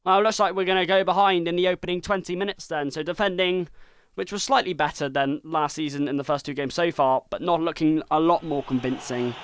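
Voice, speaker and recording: A man commentating his own football video game live, muttering play-by-play and swearing and yelling when things go wrong. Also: a little high, fairly even intonation, fairly quick, smooth, no echo.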